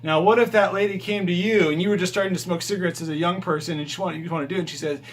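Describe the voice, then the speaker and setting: A high-voiced man talks straight to his handheld phone camera as he walks through his house. His delivery is emphatic and motivational, full of asides and rhetorical questions. It sounds like a driver chatting casually to fellow drivers. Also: fairly even intonation, very fast, slight background noise. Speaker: rideshare driver and vlogger. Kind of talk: casual vlog talk to camera. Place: his house, walking from hallway to bedroom.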